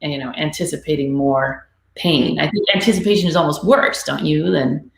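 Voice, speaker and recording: A woman hosting a conversational interview, speaking thoughtfully and haltingly with many restarts. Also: low-pitched, vocal fry. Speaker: talk show host and Reiki practitioner. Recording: echoey room.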